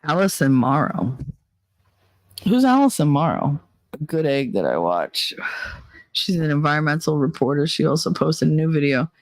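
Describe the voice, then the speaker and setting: A woman's voice: sits low, very animated, normal speed, pauses often, no room sound. A woman hosting a livestream in casual chat, blunt and rambling, swearing freely. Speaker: livestream host.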